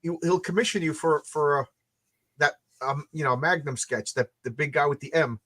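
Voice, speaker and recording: A tired man with a fairly high voice tells stories in a loose, rambling way, restarting his sentences and repeating words. He talks casually, as if chatting late at night with friends. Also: fairly even intonation, moderate pace, a bit bright. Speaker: comic book creator hosting a launch stream.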